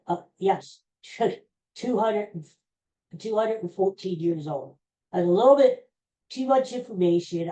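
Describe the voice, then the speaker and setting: A woman with a lowish, mellow voice hosts a casual podcast chat, rambling, exclaiming, and talking to herself. The recording is rough.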